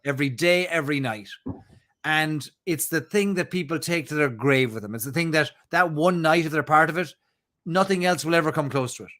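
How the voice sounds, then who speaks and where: A man's voice: fairly high pitch, a little fast, fairly bright tone. A man in late-night casual chat, enthusiastic and repeating his points for emphasis. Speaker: co-host.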